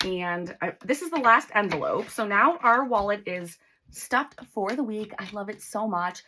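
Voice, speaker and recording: A chatty woman in her forties counts cash aloud as she talks to her viewers. Her voice swings up and down with lively excitement, at a middle pitch, with a faint noise underneath. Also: normal speed. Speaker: budgeting vlogger. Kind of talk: casual chat while counting cash.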